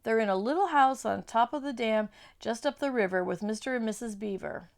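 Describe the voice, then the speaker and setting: A woman's voice: a little high, brisk, vocal fry. A woman voicing a frightened young boy who trembles and stammers. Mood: pleading.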